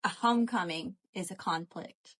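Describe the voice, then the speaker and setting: A woman doing a live tarot reading, animated and profane, calling to her viewers as y'all. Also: fairly low pitch, normal speed, slightly rough. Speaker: tarot reader.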